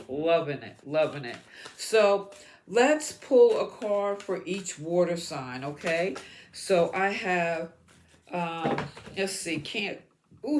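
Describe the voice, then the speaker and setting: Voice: medium pitch, background noise. A tarot reader giving an astrology reading to the viewer, encouraging and repeating words as the cards come up.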